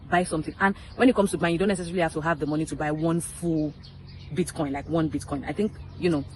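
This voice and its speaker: A woman's voice: sits low, slight background noise, poor audio. A woman talking casually to her viewers in a vlog, chatty and emphatic, repeating her points and dropping playful asides, in a public place. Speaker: crypto vlogger.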